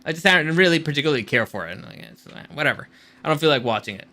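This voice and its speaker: A man's voice: a little high, expressive, rapid-fire, sharp tone. A man hosting a channel and speaking as a screenwriter, giving casual rant-style commentary in a rambling, blunt way with free swearing.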